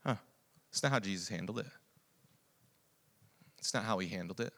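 Bright-voiced man preaching a sermon. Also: lowish voice, normal speed, gravelly. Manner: swings from quiet reflection to loud excited storytelling, laughs often.

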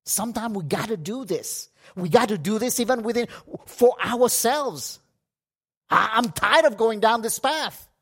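A man preaching a sermon, slow and emphatic, with pauses between phrases. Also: high voice, lively intonation, fairly bright tone, breathy edge. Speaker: pastor. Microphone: livestream setup.

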